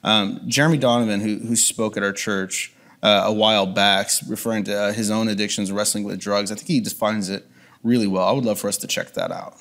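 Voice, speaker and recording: A man's voice: fairly low pitch, steady tone, a little fast, a bit bright. A man reflectively sharing a personal testimony as an interview guest, with frequent restarts. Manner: earnest, reflective, many restarts.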